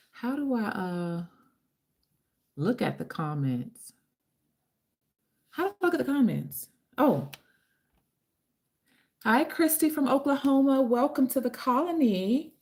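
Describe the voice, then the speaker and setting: A woman's voice: a little high, darkish tone. A woman hosting a casual livestream from her home, chatty and affectionate, greeting viewers by name and calling them honey. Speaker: livestream host and author. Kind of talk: casual live-stream chat. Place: home with kitchen and ring light.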